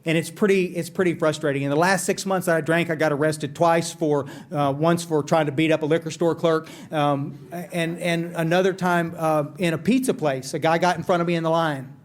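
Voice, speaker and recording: A middle-aged man tells his recovery story with candid, self-deprecating humor. His voice sits high for a man, and he speaks straight to the people in the room. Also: fairly even intonation, brisk, hardly any pauses. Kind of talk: recovery talk. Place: conference hall.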